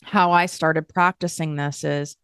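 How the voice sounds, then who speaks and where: A woman's voice: sits low, steady tone, measured pace, fairly bright tone, clean tone, dry recording, studio quality. A woman hosting a podcast, talking frankly and emphatically in a candid self-help monologue, swearing casually. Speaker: podcast host.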